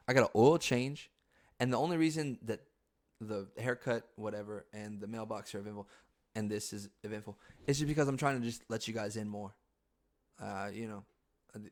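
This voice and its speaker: Animated, profane young man podcast host. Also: on the low side. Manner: loose, profane, animated with sudden loud outbursts and laughs. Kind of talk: casual storytelling monologue.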